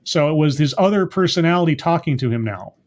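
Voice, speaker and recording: A man's voice: a little high, animated, fast. Chatty man recapping a TV episode. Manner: chatty, rambling, self-correcting asides. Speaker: TV episode reviewer. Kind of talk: casual spoken episode recap.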